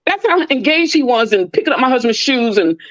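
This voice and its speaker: A woman's voice: a little fast, no echo, lo-fi sound. A middle-aged woman in casual chat, telling stories and acting out the people in them with big jumps in her voice. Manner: animated, acts out quoted people with big pitch leaps.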